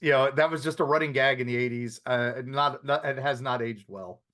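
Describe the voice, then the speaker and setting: A man's voice: medium pitch, moderate pace, a bit bright. Man, podcast co-host, casual chat, rambling, restarts mid-sentence. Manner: rambling, frequent restarts and asides.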